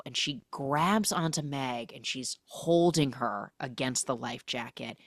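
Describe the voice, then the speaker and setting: A woman's voice: very deep voice, measured pace, hardly any pauses, dry recording, studio quality. A woman hosting a podcast, animatedly recapping a film, acting out the characters' lines and humming the score.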